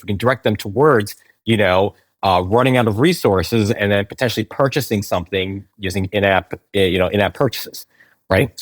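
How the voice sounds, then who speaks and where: A man's voice: lowish voice, no echo. A man, a game company founder, explaining in a conversational interview, tagging points with "right?" and restarting sentences.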